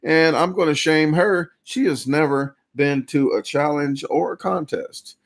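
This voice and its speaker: A man's voice: on the high side, a little slow. A man, rambling through a casual live-stream chat after an eating challenge and greeting viewers by name. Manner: rambling, chatty, reads out viewer names; full and sluggish after a big eating challenge.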